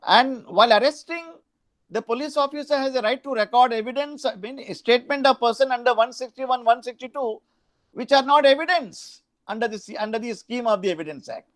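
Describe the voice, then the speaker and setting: A man's voice: very high voice, no echo. A man with an Indian English accent giving a law lecture, reading statute sections aloud and slipping into Hindi asides. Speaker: law professor.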